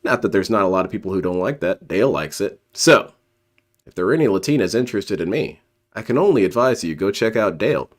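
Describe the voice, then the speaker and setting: Low voiced guy doing sarcastic stream commentary, pitch bouncing all over, rambling. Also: animated, quick pace. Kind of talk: casual reaction commentary.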